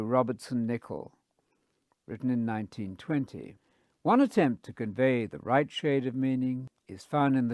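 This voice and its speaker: A man giving a measured, scholarly lecture on scripture, quoting his sources carefully. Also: medium pitch, darkish tone, no room sound, clean studio sound. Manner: deliberate, quotes sources carefully. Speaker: Bible teacher.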